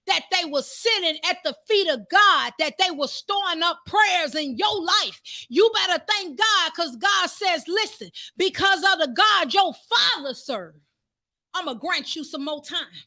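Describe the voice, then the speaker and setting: Fervent high-voiced woman preaching. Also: lively intonation, unhurried. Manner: fervent, shouts praise, repeats phrases. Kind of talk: sermon.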